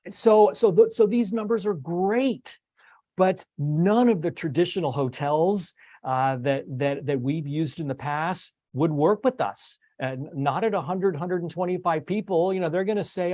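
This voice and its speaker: An older man hosts a relaxed talk with a slightly high voice, rambling and restarting his sentences with plenty of fillers. The sound is dry and close, with no room behind him. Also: a little slow, dry recording. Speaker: host. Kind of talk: casual recap talk on a video stream.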